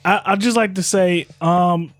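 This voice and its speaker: A man playing a tabletop game, breaking in with halting, hesitant remarks. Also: sits high, fairly even intonation, no echo, faint music behind. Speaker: player. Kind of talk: casual tabletop game banter.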